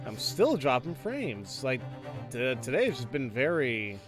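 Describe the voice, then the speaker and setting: A man's voice: mid-range voice, a little slow. A man chatting casually and joking while streaming a game. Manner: joking, animated. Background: game music.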